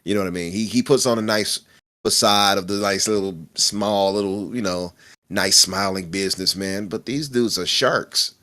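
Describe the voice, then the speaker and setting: A man's voice: lowish voice, moderate pace. A man co-hosting a casual gaming podcast, joking around and talking with lots of energy. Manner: animated, joking, laughs loudly. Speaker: podcast co-host.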